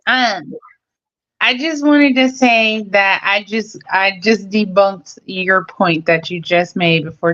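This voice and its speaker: A woman caller in a heated casual debate, sassy and blunt, with profanity sprinkled through her talk. Her voice sits at an ordinary pitch for a woman, and the sound is dull and lo-fi, as if coming through a muffled connection. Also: fairly bright tone. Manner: sassy, blunt, swears freely. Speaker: caller on a live stream. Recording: dull lo-fi audio.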